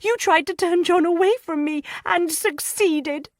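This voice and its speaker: A woman doing a shrill, weeping young noblewoman. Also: a little slow, dry recording, clean studio sound. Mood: sobbing. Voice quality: shrill, pleading.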